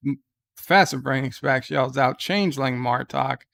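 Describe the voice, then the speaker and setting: A man's voice: mid-range voice, moderate pace, gravelly, a bit bright. A weary man hosting a casual livestream at home, reading viewer comments aloud with wry asides. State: exhausted. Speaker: livestream host. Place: at home in bed.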